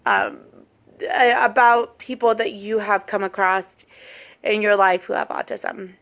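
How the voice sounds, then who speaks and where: A woman's voice: mid-range voice, steady tone, unhurried, a bit bright. A woman co-hosting a casual chat as a parent, explaining carefully and thoughtfully and rephrasing her questions as she goes. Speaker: parent and co-host.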